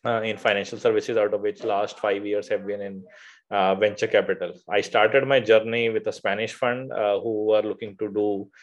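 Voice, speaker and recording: A man's voice: lowish voice, fairly even intonation, moderate pace. A man from India, a podcast guest, talking in a hesitant conversational way with many filler sounds and restarts. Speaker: podcast guest, venture fund founder. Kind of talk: conversational interview.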